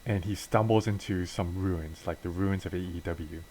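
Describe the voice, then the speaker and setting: Casual male game narrator, very low voice, loose and offhand. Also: steady tone, normal speed, darkish tone, a little hiss or hum, rough recording. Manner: offhand, filler-heavy retelling. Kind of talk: casual narration of a wrestling sim storyline.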